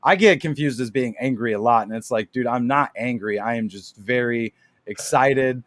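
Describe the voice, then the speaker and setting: A man's voice: medium pitch, moderate pace, fairly bright tone. A man talking animatedly as a podcast guest, rambling with lots of fillers and swearing. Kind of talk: casual podcast chat.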